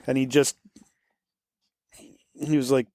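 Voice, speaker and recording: A man's voice: mid-range voice, level tone, slow pace, a little mellow, no echo, studio quality. A man from Florida with a faint Boston accent, chatting in an interview and rambling with many fillers and restarts. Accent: American, faint Boston. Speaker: musician guest. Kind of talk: casual interview chat.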